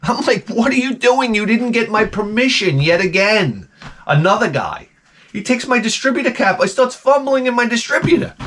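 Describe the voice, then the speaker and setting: A man's voice: high voice, animated, moderate pace, fairly bright tone. A middle-aged man ranting sarcastically through a casual story, mimicking the people in it. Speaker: vlogger.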